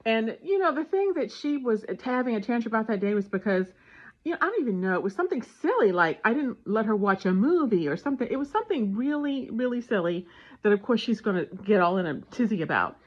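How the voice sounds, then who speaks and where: A woman casually telling a family story and giving parenting advice, animated and acting out the dialogue. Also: fairly high pitch, quick pace. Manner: animated retelling with voiced dialogue. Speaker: parenting vlogger. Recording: dull lo-fi sound.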